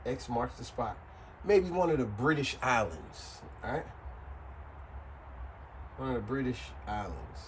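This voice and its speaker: A man's voice: mid-range voice, unhurried, long pauses, slight background noise, low-quality recording. A man giving a casual, joking explanation to the camera, repeating his points often. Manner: repetitive, animated, joking. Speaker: vlogger.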